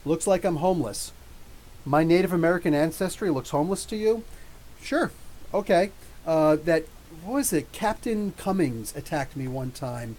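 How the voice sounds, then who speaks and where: A middle-aged man hosting a live question-and-answer podcast, ranting in an animated, profane, mocking way. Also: fairly high pitch, moderate pace, poor audio. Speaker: podcast host. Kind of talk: live Q&A rant.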